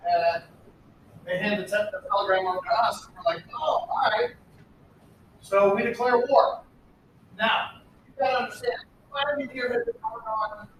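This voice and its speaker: A man's voice: sits high, a bit bright. An American man teaching a history class in a casual, blunt way, with sarcastic asides. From United States. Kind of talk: classroom lecture. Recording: very echoey room, distant, faint background noise.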